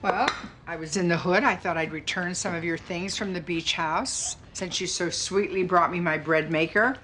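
A woman's voice: fairly low pitch, steady tone, moderate pace, a bit bright, slight background noise, lightly acted. An actress playing a quirky older woman who rambles and keeps correcting herself. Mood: chatty.

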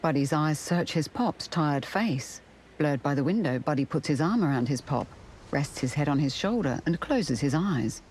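A narrator giving calm, even audio description of a film. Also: medium pitch, moderate pace, a little hiss or hum. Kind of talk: scripted narration.

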